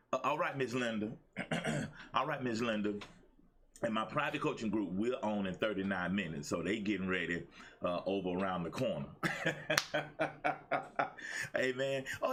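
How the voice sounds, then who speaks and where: A man hosting a live-streamed motivational show, preaching with excitement, repeating his lines for emphasis and greeting viewers by name. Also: lowish voice, a little hiss or hum. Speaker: host of a daily motivational show.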